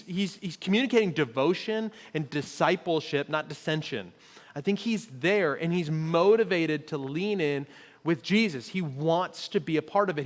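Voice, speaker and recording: Guy pastor giving a chatty sermon, kinda high voice, cracks jokes, echo trails off in a big church hall. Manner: joking, animated, acts out quoted voices. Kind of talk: conversational sermon. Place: church auditorium. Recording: long reverb of a large hall.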